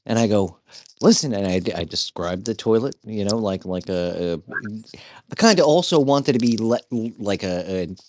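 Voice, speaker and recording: Low-pitched man, casual podcast talk, profane, rambling storyteller. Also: animated, moderate pace, a little mellow, a little hiss or hum. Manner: profane, rambling anecdote telling. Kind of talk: casual chat.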